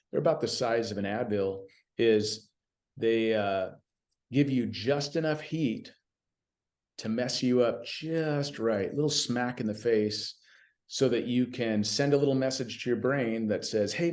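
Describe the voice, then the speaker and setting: A man telling stories as a guest in a casual podcast conversation, animated and chatty, often saying "you know what I mean.". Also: mid-range voice. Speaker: podcast guest, BMX announcer.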